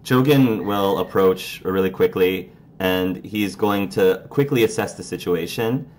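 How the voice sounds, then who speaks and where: A man narrating as game master of a tabletop role-playing game, relaxed and halting, with many fillers. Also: sits low, a little hiss or hum.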